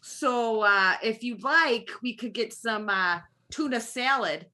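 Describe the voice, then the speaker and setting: A woman's voice: on the high side, takes it slowly, bright, forceful tone. A woman doing a folksy Wisconsin lady. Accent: put-on Wisconsin. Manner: singsong, folksy, giggly.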